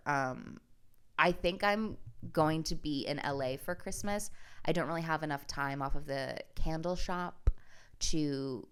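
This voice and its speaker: A young woman talks straight to her viewers in a casual storytelling vlog. Her voice sits low and sounds smooth and resonant. She is wry and profane and breaks into laughter as she goes. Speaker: comedian and vlogger.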